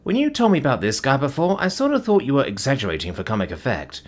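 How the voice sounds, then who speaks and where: A man voicing a curious young spacer who speaks quietly and confidingly. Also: mid-range voice, wildly swooping pitch, quick pace, voice pushed up.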